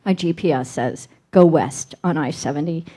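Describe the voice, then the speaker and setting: A woman's voice: low-pitched, moderate pace, warm tone. A middle-aged woman minister delivering a sermon, telling a personal story and acting out her inner dialogue.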